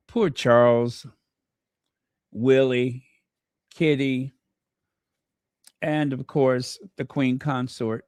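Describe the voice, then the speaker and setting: Slow-talking snarky male gossip host. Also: a little high, lively intonation, darkish tone, clean tone, dry recording, studio quality. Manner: snarky gossiping, sings song snippets. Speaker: livestream host. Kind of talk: casual livestream commentary.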